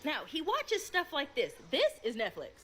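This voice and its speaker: A woman's voice: sits high, huge pitch swings, moderate pace, pushed and bright, low-quality recording. Emphatic mother telling a story. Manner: urgent, emphatic, acts out her child's quotes. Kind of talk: casual storytelling to camera.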